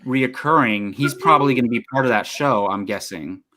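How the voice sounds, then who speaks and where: Relaxed man thinking aloud. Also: medium pitch, fairly quick, a loud crowd. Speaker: podcast co-host. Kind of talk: casual chat.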